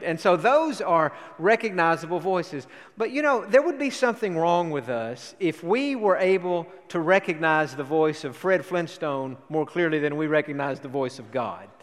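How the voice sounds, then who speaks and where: A man preaching a sermon and reading scripture aloud to a congregation in a church sanctuary. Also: on the high side. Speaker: pastor. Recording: long hall reverb.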